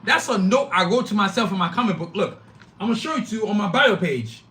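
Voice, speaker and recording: A man's voice: sits high, lively intonation, fast talker, a bit bright. A man hosting his own live-streamed podcast, talking emphatically and bluntly, with frequent profanity, straight to his chat. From Nigeria. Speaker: podcast host.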